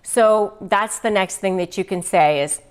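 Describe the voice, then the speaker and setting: A middle-aged woman hosting an advice video, talking straight to camera with animated emphasis. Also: medium pitch, unhurried, clean tone. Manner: animated, emphatic, acts out quoted phrases. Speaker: host, negotiation advice presenter.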